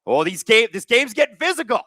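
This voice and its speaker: A man in his thirties from Canada runs a casual live hockey stream, mixing play calls with jokes and chat shout-outs. His voice is bright and forward, swinging widely in pitch. The sound is dry and close, with little room around it. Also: a little fast, dry recording. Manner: jokey, reads chat aloud, bursts of excitement. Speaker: host of a live hockey watch-along stream.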